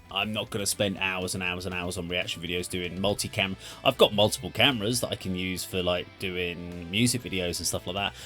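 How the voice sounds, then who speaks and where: A man with a very low voice talks casually about his own channel. He thinks aloud and often corrects himself as he goes. Faint music plays underneath. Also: bright, forceful tone. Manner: thoughtful, rambling, self-correcting. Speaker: music reaction channel host. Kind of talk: casual spoken commentary.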